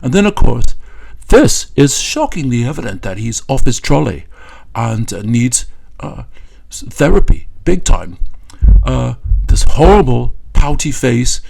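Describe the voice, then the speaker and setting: A man mocks his subject in satirical commentary, his voice gravelly and frayed at the edges. He speaks at a middling pitch in a scornful, stop-start way, pausing often and filling the gaps with small hesitations. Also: darkish tone. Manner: scornful, stop-start delivery with many fillers. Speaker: political commentator.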